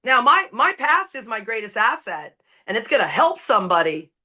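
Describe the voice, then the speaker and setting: A woman's voice: on the high side, very animated, normal speed, pushed and bright. A woman speaking at a recovery meeting, giving an impassioned, preachy share with blunt, profane emphasis. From Canada. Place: recorded at an online meeting.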